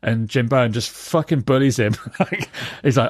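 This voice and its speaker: A man's voice: mid-range voice, moderate pace, no room sound. Guy on a podcast, swears a lot, laughs telling stories, dry mic. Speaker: podcast co-host. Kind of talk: casual film review chat.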